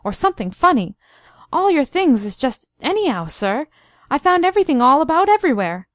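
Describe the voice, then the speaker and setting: A woman voicing an excitable, flustered housekeeper who talks breathlessly and drops her aitches. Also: high-pitched, brisk, dry recording, studio quality, pitched above the performer's own voice. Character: flustered middle-aged female housekeeper, excitable.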